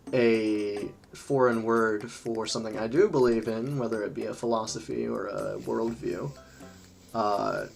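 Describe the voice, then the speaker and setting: Slow, chatty livestream host over soft music. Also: mid-range voice, gravelly. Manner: chatty, rambling, often laughing. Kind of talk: casual gaming livestream chat.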